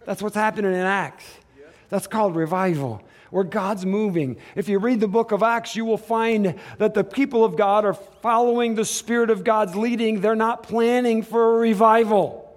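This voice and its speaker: A man preaching a sermon in a casual, animated way, acting out quotes as he goes. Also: high-pitched, moderate pace. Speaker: pastor.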